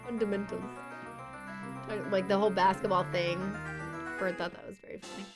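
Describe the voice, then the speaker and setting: A woman's voice: mid-range voice, fairly even intonation, fairly quick, music in the background. A young woman streaming a video game, chatting casually and giggling as she reads the text aloud. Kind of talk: casual gameplay chat.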